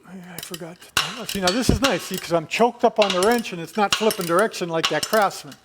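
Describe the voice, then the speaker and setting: High-voiced man tinkering, chatting to himself. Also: fast talker, very noisy. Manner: chatty, talks to himself while working. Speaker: DIY video maker. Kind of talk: hands-on repair demonstration. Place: home gym.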